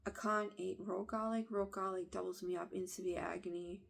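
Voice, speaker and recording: Husky, gravelly woman venting. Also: mid-range voice, steady tone, moderate pace. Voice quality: husky smoker-like voice. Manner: frustrated, blunt, swears. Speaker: vlogger. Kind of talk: venting to camera.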